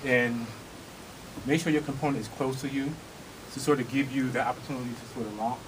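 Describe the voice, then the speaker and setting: A man leads a vogue dance class in a studio with music playing behind him. His mid-range voice stays fairly even and moves fairly quickly, and he chats casually, a little out of breath, checking on his students as he demonstrates over the background noise.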